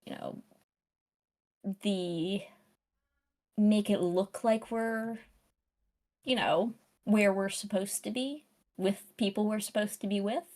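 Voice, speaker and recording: Unhurried, halting woman player in a casual tabletop session. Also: medium pitch, a little mellow. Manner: halting, searching for words. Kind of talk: casual chat.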